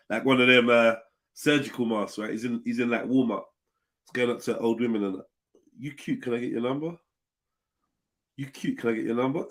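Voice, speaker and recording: A man's voice: medium pitch, bright, forceful tone. A man telling funny stories on a casual panel chat, laughing a lot. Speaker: panel host.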